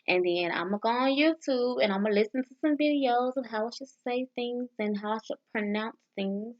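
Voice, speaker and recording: A woman vlogging casually as she practices foreign phrases, sounding them out haltingly with restarts and nervous, self-deprecating asides. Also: a little high. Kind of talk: casual language practice vlog. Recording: dull lo-fi sound.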